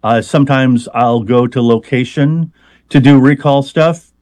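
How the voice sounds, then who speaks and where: A man's voice: medium pitch, measured pace, a little mellow, dry recording. Hesitant, explaining man, dry close sound. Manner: hesitant, many fillers and restarts, explanatory. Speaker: hypnotist, interview guest. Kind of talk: conversational interview.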